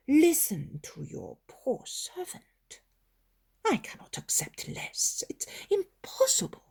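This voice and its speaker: A woman voicing a greedy old male merchant, pleading and wheedling in a whining, breathy voice that breaks into shrieks. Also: high voice, dark tone, voice pushed up, exaggerated voice.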